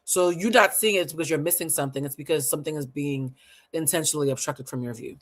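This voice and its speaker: A woman giving a live-stream tarot reading, animated, blunt and playful, talking to viewers in casual slang and laughing often. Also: low voice, quick pace. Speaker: tarot reader.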